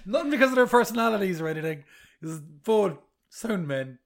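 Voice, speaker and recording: A man's voice: high voice, expressive, fairly quick, gravelly, a little hiss or hum. A man co-hosting a casual podcast, teasing and jokey, swearing freely. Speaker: podcast co-host. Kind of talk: casual chat.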